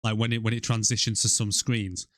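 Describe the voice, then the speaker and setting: A man's voice: lowish voice, level tone, brisk, dry recording, clean studio sound. A man co-hosting a movie podcast, rambling and sweary in casual chat. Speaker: podcast co-host.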